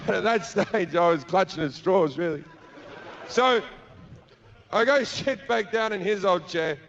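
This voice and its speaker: A man's voice: sits high, measured pace, a bit bright. Crude Australian man telling a stand-up story. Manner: crude, profane, acts out the people in his story. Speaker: stand-up comedian. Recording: dull lo-fi live recording with noise.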